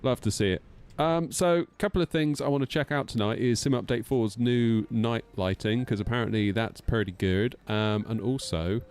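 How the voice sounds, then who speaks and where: A man's voice: medium pitch, moderate pace, few pauses, darkish tone, clean tone. A man streaming a flight sim, chatting casually, teasing himself and answering chat aloud. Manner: chatty, self-mocking, reads chat aloud.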